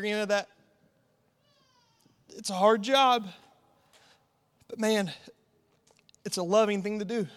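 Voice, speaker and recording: A man's voice: high-pitched, a bit bright, big-room sound. A man preaching a sermon in a casual, conversational way, full of fillers and asides. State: tearful, sniffling. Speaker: pastor.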